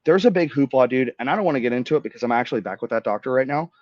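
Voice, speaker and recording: A man's voice: medium pitch, animated, no room sound, muffled recording. A man in his thirties from Florida, a podcast guest and army veteran, telling his story bluntly and with swearing. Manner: blunt, swearing, fast-building retelling. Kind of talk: emotional storytelling in conversation.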